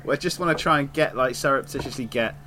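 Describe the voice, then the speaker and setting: A man playing a tabletop game, eagerly rushing through his plan. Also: mid-range voice, over a noisy crowd. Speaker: player.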